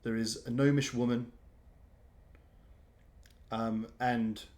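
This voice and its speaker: A male game master narrating a tabletop game at a slow, unhurried pace. He feels his way through descriptions with frequent ums and restarts. His voice sits at a mid pitch. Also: little pitch movement, darkish tone. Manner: hesitant, full of ums and restarts.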